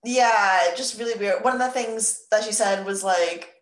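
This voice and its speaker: An exasperated woman co-hosts a casual podcast, swearing and padding her talk with fillers. Her mid-pitched voice rings in an echoey room. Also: measured pace. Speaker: podcast co-host. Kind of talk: casual chat.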